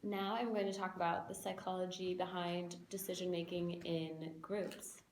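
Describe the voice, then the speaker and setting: A woman's voice: fairly low pitch, level tone, moderate pace, a little hiss or hum. A young woman giving a casual spoken lesson, explaining ideas with everyday examples and fillers. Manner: casual, with fillers and quoted inner voices. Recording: echoey room.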